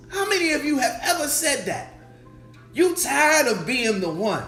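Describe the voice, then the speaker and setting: Animated preacher in an echoey room. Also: male voice, very high-pitched, a little slow. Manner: animated preaching with quoted voices and repetition. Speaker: pastor. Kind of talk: sermon. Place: church sanctuary. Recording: echoey church room with music.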